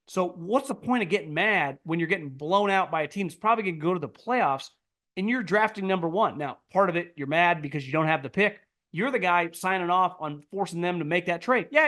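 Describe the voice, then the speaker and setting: A man hosting a sports podcast, riffing in a blunt, profane, casual monologue full of "like" and restarts. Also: brisk. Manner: jumps to loud, high mocking outbursts.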